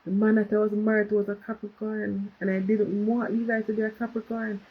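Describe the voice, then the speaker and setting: A woman's voice: medium pitch, flat delivery, fairly quick, husky, narrow, tinny audio. A woman chatting casually on a livestream, reading out viewers' comments and slipping into patois. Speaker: livestream host. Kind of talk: casual live chat with viewers.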